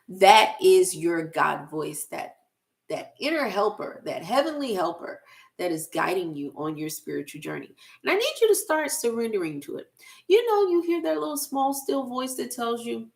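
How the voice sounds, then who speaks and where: Talking to camera in a casual spiritual session, a middle-aged motivational speaker and spiritual life coach speaks slowly and emphatically, repeating phrases for effect. Her voice sits on the high side, sing-song with vocal fry and a darkish tone.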